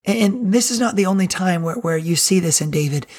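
A man's voice: high voice, expressive, fairly quick, a little mellow. A middle-aged male pastor preaching a sermon in an earnest, conversational way.

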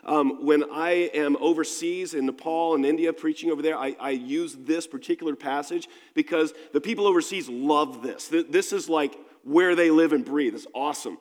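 A man's voice: a little high, moderate pace, hardly any pauses. A man preaching a sermon in a conversational, storytelling manner, with frequent restarts. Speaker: pastor. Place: church sanctuary. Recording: long reverb of a church hall.

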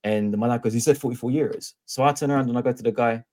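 A man's voice: medium pitch, quick pace. Man telling a story. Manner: animated, acts out both sides of dialogue, swears freely. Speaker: podcast co-host. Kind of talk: casual storytelling chat.

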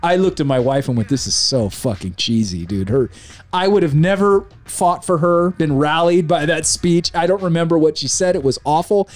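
A man casually ranting about a film on his show, animated and mocking, with a faint music bed. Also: on the high side, normal speed. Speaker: podcast host reviewing a film. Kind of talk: casual opinionated chat.

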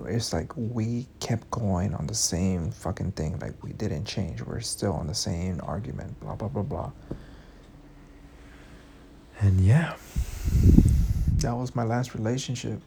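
Young man, low gravelly voice, mellow dark tone, candid podcast storytelling, faint background hiss. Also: unhurried. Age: young adult. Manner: candid, emotional, swears often. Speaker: podcast host. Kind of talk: casual storytelling.

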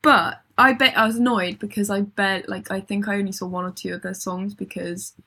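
Woman co-host, husky tone, casual rambling music chat with frequent laughs. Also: medium pitch, steady tone, brisk, bright, forceful tone. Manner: rambling, self-interrupting, laughs often. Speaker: podcast co-host.

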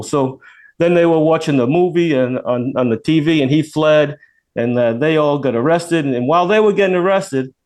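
A man in later life, a retired federal agent, telling a long story as a guest on a radio show, acting out the voices of the people in it and often restarting his sentences. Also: fairly high pitch. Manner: animated, acts out quoted voices, many restarts. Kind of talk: casual storytelling.

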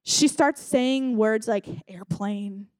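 A young woman with a high voice gives a relaxed sermon at church. She talks in a chatty way with plenty of fillers and acted-out quotes. The sound is close and dry. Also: slow pace, no room sound. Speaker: speaker at a church service. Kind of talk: casual sermon with a story.

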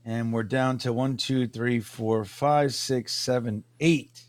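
A man's voice: mid-range voice, steady tone, takes it slowly, dry recording. Laid-back New man, dry close sound. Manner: laid-back, rambling storyteller. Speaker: podcast co-host. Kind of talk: casual live-stream chat.

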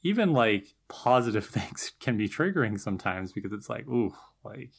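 A man's voice: lowish voice, big pitch swings, normal speed, vocal fry, husky. A man co-hosting a podcast in casual chat, thoughtful and analytical, laughing easily. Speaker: podcast co-host.

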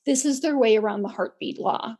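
A woman with a slightly high voice and a worn, fraying tone, as if she is losing her voice. She talks earnestly on a podcast, stumbling and restarting her sentences as she explains things to her listeners. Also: fairly quick, a little mellow, husky. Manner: earnest, repeats words and restarts often. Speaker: podcast co-host. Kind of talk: casual podcast talk.

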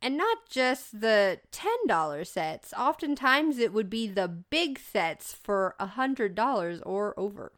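Lively, unhurried woman telling a story. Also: mid-range voice. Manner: laughs readily and reacts with surprise. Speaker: co-host and storyteller. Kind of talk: casual storytelling chat.

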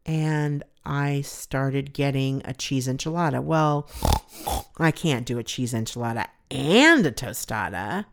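A woman's voice: rumbling low, animated, a little slow, noisy background. A middle-aged woman from California hosting a solo podcast, rambling and gushing with emotion about a favorite food. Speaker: podcast host. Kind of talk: casual solo podcast chat.

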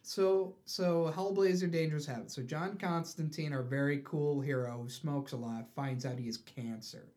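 A man in casual chat, retelling a comic story with quick put-on voices for each character. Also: a little high, steady tone, darkish tone.

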